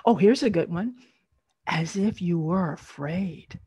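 A woman's voice: lowish voice, slow pace, warm tone, husky. A middle-aged woman, leading an online storytelling workshop over a video call, encouraging and laughing often.

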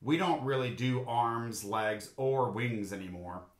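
A man's voice: mid-range voice, a little slow, echoey room, close to an everyday voice. A man reading a storybook, voicing the dismissive animals who turn the duck away. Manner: dismissive, bored. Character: haughty male club-gatekeeper animals.

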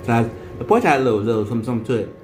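A man's voice: mid-range voice, sing-song, very fast, darkish tone, echoey room, a little hiss or hum. A man talking casually as he reviews noodles for his vlog, rambling and restarting his sentences often. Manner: rambling, repeats himself with many restarts and fillers. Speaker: vlogger.

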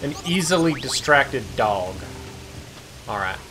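A man giving let's-play commentary, his voice swooping up and down as he gets excited, swears and talks back to the game. His pitch sits in the middle. Game music plays clearly behind him. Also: slow pace. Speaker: gaming channel host. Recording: voice over loud game music.

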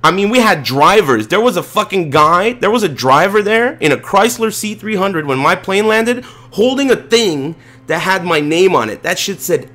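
A man streaming, telling a casual, profane, rambling story with animated delivery. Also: high-pitched, moderate pace, hardly any pauses.

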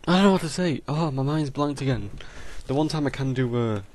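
A man's voice: mid-range voice, brisk, darkish tone, dry recording. Man commentating a game on a headset. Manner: exasperated, talks to the game characters, mild swearing. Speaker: gamer doing a let's play. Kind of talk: casual gameplay commentary.

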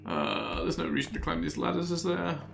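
A man's voice: fairly high pitch, very animated, a little fast, vocal fry, fairly bright tone, soft background music. A man casually commenting on his game and reading in-game texts aloud, muttering to himself. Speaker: let's player.

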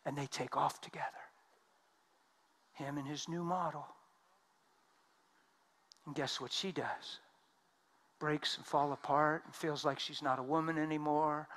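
A man preaching a sermon, telling stories with emphasis and swinging from loud outbursts to hushed tones. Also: a little high, steady tone, measured pace, pauses often. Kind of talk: sermon storytelling.

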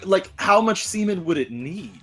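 A young man chatting casually during a party game, breaking into high squealing giggles. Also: expressive, normal speed, pushed and bright. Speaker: stream regular. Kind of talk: casual chat while playing a party game.

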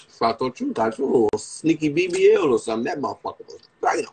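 The young DC-area streamer talks fairly quickly in a slightly rough voice, rambling to viewers from his phone. Excitable and swearing, he breaks into yelped quotes pitched high.

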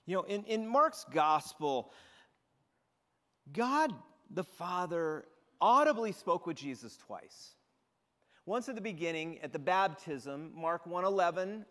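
A high-voiced man preaching with a lively, swooping delivery as he retells scripture. His sermon rings with the long reverb of a church hall. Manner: expressive storytelling, retelling scripture dramatically. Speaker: pastor. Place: church sanctuary.

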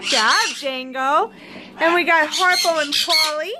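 A woman filming her pets at home for a casual vlog, cooing at them in high sing-song baby talk. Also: unhurried, loud music behind the voice. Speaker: pet owner filming her animals. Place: home with caged birds and pets. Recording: loud bird squawks and clicks behind. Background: birds squawking.

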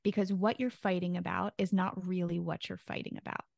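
A woman's voice: lowish voice, little pitch movement, brisk, vocal fry, darkish tone, no room sound, clean studio sound. A woman co-hosting a podcast as a therapist, explaining in a casual way and often checking in with "right?". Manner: explanatory, rhetorical questions with frequent "right?".

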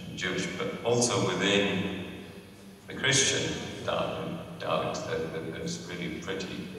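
Deep-voiced man lecturing in an echoey hall. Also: bright, forceful tone, a little hiss or hum. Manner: hesitant, many fillers and restarts. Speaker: lecturer on dialects. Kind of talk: academic conference lecture. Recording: echoey hall, distant mic.

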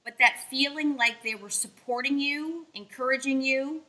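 Woman talk-show host, bright, emphatic, encouraging. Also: high-pitched, moderate pace, poor audio. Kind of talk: casual interview talk.

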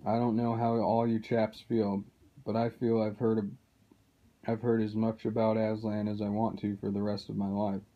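A man reading aloud, voicing a surly, sneering male dwarf who distrusts everyone, drawling slowly. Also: lowish voice, completely flat delivery, narrow, tinny audio, lightly acted.

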